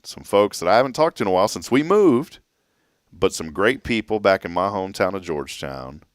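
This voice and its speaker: A man's voice: low-pitched, a little fast, no room sound, clean studio sound. A man hosting a morning show, chatting casually and joking as he reads listener comments. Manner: jokey, animated, laughs while reading listener comments. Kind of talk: casual chat.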